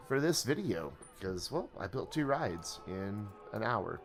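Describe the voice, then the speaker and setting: Lively, swearing gameplay host man. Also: fairly low pitch, unhurried. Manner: talks to the game, swears when frustrated. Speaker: let's play host. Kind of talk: casual gameplay commentary.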